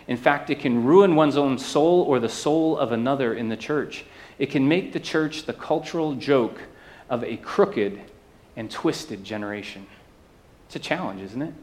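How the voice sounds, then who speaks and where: A man preaching a sermon to his church, talking conversationally and often checking in with the listeners. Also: medium pitch. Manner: conversational preaching with asides and tag questions. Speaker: pastor.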